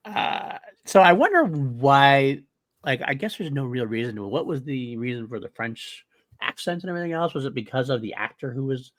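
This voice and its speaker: A man co-hosting a podcast, talking casually in a rambling, animated way and often correcting himself mid-sentence. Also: medium pitch. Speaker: podcast co-host.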